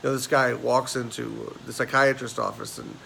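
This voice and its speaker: A man performs a neurotic forty-year-old man who rambles through his thoughts and trips over his own words. He stammers and circles back again and again. A faint hiss sits under a deep, gravelly vocal fry. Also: flat delivery, normal speed, bright, forceful tone, low-quality recording. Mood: rueful. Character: neurotic, self-mocking man turned forty. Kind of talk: film monologue performance.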